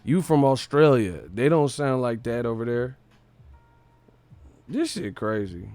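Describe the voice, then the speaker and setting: A man's voice: medium pitch, very animated, unhurried, darkish tone, no echo. A man hosting a casual boxing live stream, mocking and profane, laughing often between his jabs.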